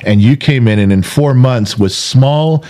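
A man's voice: mid-range voice, unhurried, dark tone. Man, podcast host, earnest, emphatic, repeats himself, candid conversation.

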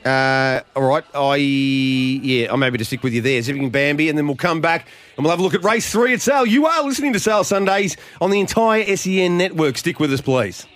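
A man's voice: a little high, lively intonation, fairly quick, a bit bright. A man hosting a live radio racing show, bantering and throwing to breaks. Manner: chatty, joking, throws to breaks.

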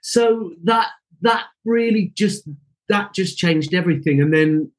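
A man, a guest, telling stories from his acting career in a casual interview, animated and acting out his own reactions. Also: sits high, unhurried, poor audio. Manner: animated, acts out quoted reactions. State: getting emotional.

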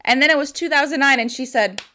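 A woman's voice: sits high, quick pace, noisy background. A young woman co-hosting a podcast in casual chat, jokey and playful, acting out exaggerated quotes. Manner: lively, jokey, acts out over-the-top quotes. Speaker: podcast co-host.

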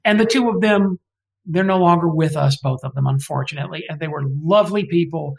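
Man from Alabama, interview guest, fry-edged voice, digressive, frank opinions, self-corrections. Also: fairly high pitch, fairly quick, poor audio. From Alabama, US South. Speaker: guest historian. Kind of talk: conversational interview.

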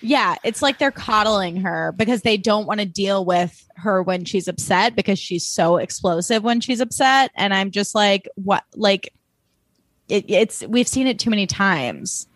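A woman co-hosting a podcast in casual chat, blunt and swearing freely, talking in quick bursts. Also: medium pitch, animated, fairly bright tone, no echo. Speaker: podcast co-host.

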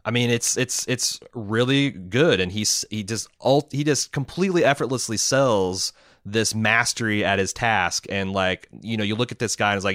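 Guy cohosting a movie chat, low smooth voice, rambly and excited. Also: moderate pace, no room sound, studio quality. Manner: rambling, enthusiastic, many restarts. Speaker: podcast co-host. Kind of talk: casual film discussion.

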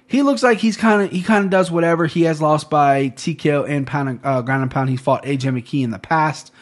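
A man's voice: a little high, a little fast. A man hosting a podcast, chatting casually and rambling through fight picks, swearing now and then and joking at his own expense. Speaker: podcast host. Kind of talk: casual sports betting chat.

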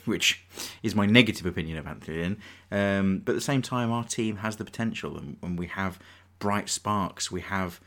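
Low-voiced man ranting as podcast host. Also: a bit bright. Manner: frustrated, rambling fan rant. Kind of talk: casual sports chat.

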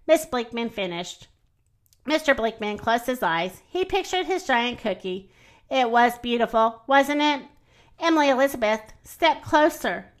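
A woman reading a children's storybook aloud, gentle and expressive, slowing down for emphasis. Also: on the high side. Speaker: reader.

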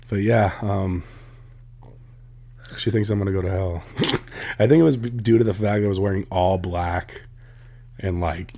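A young podcast co-host with a deep, husky voice tells stories casually, sounding tired and drowsy. He speaks unhurriedly with long pauses, laughing often and acting out quotes in animated fashion.

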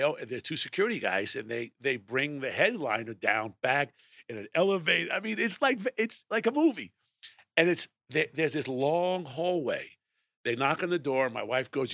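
A middle-aged man telling a lively story, acting out his own lines as he goes. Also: mid-range voice, creaky, no room sound, clean studio sound. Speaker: guest storyteller. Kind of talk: animated anecdote telling.

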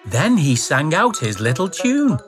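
Expressive storyteller over children's music. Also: mid-range voice, a little slow. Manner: expressive, playful sound words. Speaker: narrator. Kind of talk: storybook read-aloud for children.

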